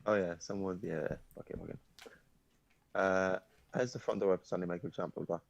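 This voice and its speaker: A man's voice: deep voice, steady tone, a little fast, gravelly, highs cut off. A man co-hosting a comedy show, reading a story aloud in an offhand way, swearing and losing his place. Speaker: podcast co-host reading stories aloud. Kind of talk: casual comedic read-aloud chat.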